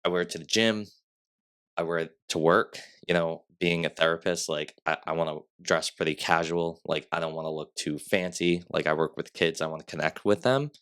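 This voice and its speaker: Low-voiced young man telling stories. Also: steady tone, a little fast, fairly bright tone, clear, resonant tone. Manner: storytelling with acted quotes, many "like" fillers. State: sniffly. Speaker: podcast guest. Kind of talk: casual podcast chat.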